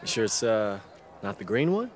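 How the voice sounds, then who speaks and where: An actor playing a laid-back young male pro basketball player with a dry, low-key way of talking. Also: big pitch swings, moderate pace. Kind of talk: video game voice acting.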